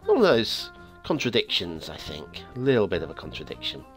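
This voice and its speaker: A man briskly reviews a game map on his show, chatting casually and rambling with many restarts and stammers. His pitch swings lively as his voice grows a little hoarse, faint music underneath.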